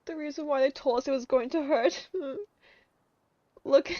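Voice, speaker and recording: A woman's voice: high-pitched, unhurried, pauses often, mellow, no room sound, dull audio. A woman streaming a story game, reading its narration aloud and breaking into laughs and outbursts.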